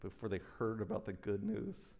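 A man's voice: fairly low pitch, fairly even intonation, normal speed, warm tone. A man preaching a sermon as pastor, intense and urgent, driving points home with emphatic repetition.

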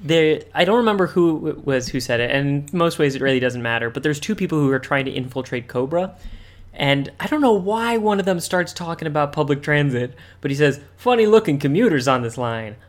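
A man's voice: a little high, expressive, brisk. A man co-hosting a podcast in casual chat, often stumbling over and repeating words with a wry tone. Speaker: podcast co-host.

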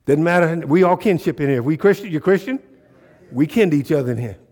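A man preaching a sermon, calling out to the congregation and swinging between hushed asides and loud bursts. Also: a little high, expressive, fairly quick.

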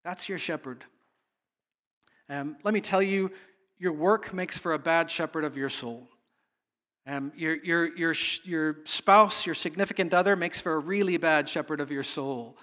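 A man's voice: on the high side, sharp tone. A man preaching a sermon in an earnest, searching way, often restarting his phrases. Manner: earnest, repetitive, halting restarts. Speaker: pastor.

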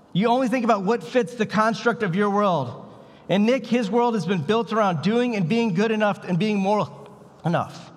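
In a church sanctuary with a big-room sound, a pastor with a fairly high voice preaches a sermon. His delivery is casual and conversational, sprinkled with some slang.

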